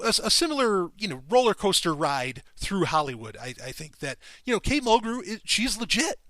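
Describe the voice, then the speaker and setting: Man, podcast host, casual monologue: excitable, profane, lively pitch, dry close sound. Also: no echo. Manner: excitable and profane, voice jumping up when enthused.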